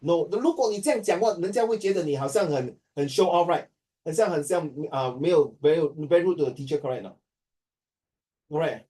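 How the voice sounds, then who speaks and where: A Singaporean man teaching a class, his voice a little high and soft-edged. He jokes as he goes and slips between English and Chinese. He sounds a bit distant from the microphone. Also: expressive, a little fast. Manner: joking, mixing English and Chinese.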